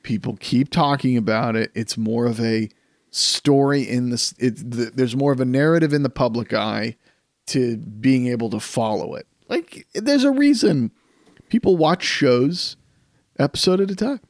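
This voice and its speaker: Gravelly guy on a podcast, rambly and animated, dry close mic. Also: medium pitch, moderate pace, no echo. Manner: rambling, animated storytelling with many restarts. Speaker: podcast co-host. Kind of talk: casual podcast chat.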